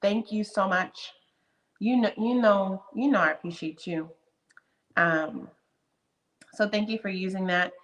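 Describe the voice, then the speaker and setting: A woman's voice: medium pitch, measured pace, pauses often. A woman in her fifties hosting a live stream, chatting casually and greeting viewers one by one by name. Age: 50s. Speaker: livestream host.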